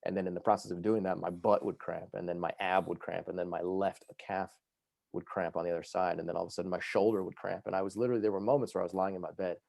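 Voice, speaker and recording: A man telling his own story as a podcast guest, lively and quick, with many fillers like "you know" and "like". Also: sits low, vocal fry, no echo, studio quality. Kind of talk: animated personal storytelling.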